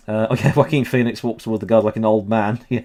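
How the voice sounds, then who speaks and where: A man's voice: on the low side, warm tone. A man in his thirties hosting a casual livestream about history, rambling with lots of ums and laughing often. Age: 30s. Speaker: history channel host.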